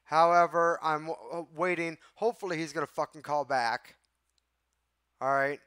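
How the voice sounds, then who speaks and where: A man hosting a live stream, venting with a lot of swearing and answering his viewers by name. His voice is smooth and slightly high, recorded close and dry with no room sound. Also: fairly even intonation, normal speed, fairly bright tone, no echo. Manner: exasperated, profane, talks to chat. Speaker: livestream host. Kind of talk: casual live-stream talk.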